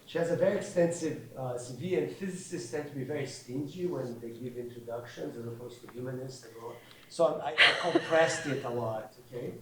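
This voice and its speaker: A man's voice: medium pitch, recorded from a distance. A man hosts the event and reads out a speaker introduction, stumbling and correcting himself along the way. He stands well back from the microphone. His voice rings through a very echoey room over a faint hum of background noise. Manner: halting, self-correcting as he reads.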